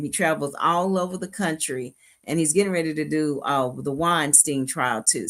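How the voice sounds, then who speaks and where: A woman co-hosts a live commentary show, with a voice pitched on the low side. She speaks deliberately, leaning hard on key words and using casual slang. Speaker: co-host.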